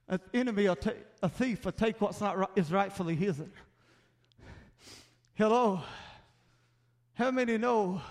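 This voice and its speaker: A man preaching a sermon, pressing his points with repeated "Hello?" and "Amen?" and acting out bold declarations. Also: high-pitched.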